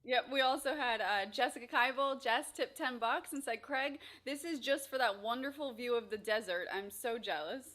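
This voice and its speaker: A woman's voice: fairly high pitch, normal speed, hardly any pauses, a bit bright. A woman co-hosting a chat show, reading viewer messages aloud in an upbeat way. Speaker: co-host reading viewer tips. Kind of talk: casual chat.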